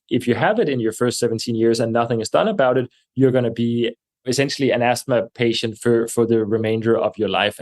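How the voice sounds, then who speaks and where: Low-voiced man answering interview questions. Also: darkish tone. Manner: measured, with frequent fillers and restarts. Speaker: guest, air purification company representative. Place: New York.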